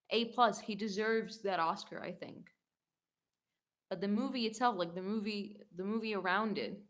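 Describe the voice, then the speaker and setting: Chatty young woman rambling through fan questions. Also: mid-range voice. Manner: chatty and rambling, with many "like" fillers and self-corrections. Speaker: YouTube singer answering fan questions. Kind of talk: casual Q&A chat reading viewer comments.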